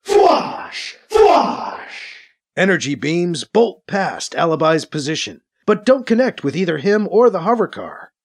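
A man's voice: fairly high pitch, normal speed, few pauses. A man narrating an action scene in an audiobook, voicing the sound effects himself. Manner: animated, with voiced sound effects.

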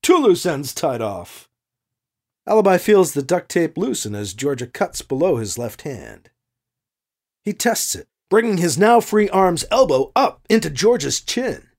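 A man reading a science fiction story aloud as narrator, expressive and animated. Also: sits high, measured pace. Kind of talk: audiobook narration.

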